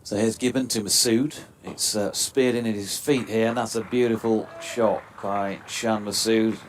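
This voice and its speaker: A man giving relaxed, chatty live cricket commentary with dry quips. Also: on the low side, normal speed, a little hiss or hum.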